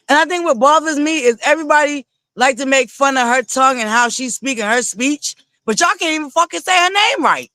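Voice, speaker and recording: Livestream host, male, very high and bright, sassy and profane, animated casual commentary. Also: normal speed, no room sound. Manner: animated, sassy, swearing often, given to laughing and digressing. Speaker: livestream host reviewing reality TV.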